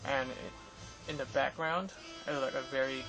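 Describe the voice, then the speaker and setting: This young male vlogger, somewhere around Los Angeles, tells a rambling story about an interview with photographers, packed with fillers and false starts. His pitch is medium, his intonation fairly even, and his speed normal. Audio quality is poor, with music playing underneath.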